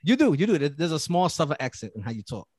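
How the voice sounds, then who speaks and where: Loud, laughing man with a Bronx accent. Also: fairly high pitch, fast, no echo. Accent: New York (Bronx). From the Bronx, New York. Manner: loud, animated, laughs often. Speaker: podcast co-host. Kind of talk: casual chat.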